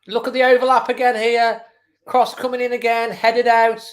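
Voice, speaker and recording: A man's voice: extremely high pitch, level tone, moderate pace. Male fan host, live match reaction, exasperated running commentary. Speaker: football fan channel host.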